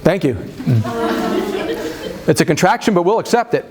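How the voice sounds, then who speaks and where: A man with a fairly high voice lectures a live audience on marriage. He talks off the cuff, with self-deprecating jokes, and often restarts his sentences. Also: animated, normal speed, a crowd in the background. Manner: conversational, self-deprecating humor, frequent fillers and restarts. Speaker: speaker leading a marriage seminar. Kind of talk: live seminar talk to an audience.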